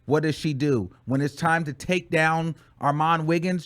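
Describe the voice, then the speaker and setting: A man hosting a casual commentary chat, talking emphatically and insistently in quick bursts. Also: a little high, steady tone, a bit bright. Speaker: show host. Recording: tinny phone-like line.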